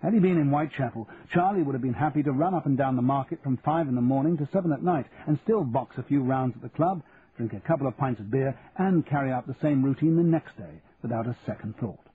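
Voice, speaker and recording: A man reading a novel aloud in a measured, even narration. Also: medium pitch. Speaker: audiobook narrator. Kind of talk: scripted narration. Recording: narrow phone-like sound, faint hiss.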